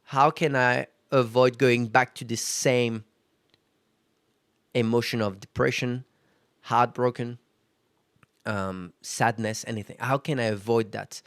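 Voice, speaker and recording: Gravelly-voiced man hosting a solo podcast. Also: mid-range voice, steady tone, slow pace, pauses often, a bit bright, no echo, clean studio sound. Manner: conversational, self-reflective, frequent fillers. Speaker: podcast host. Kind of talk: casual solo podcast monologue.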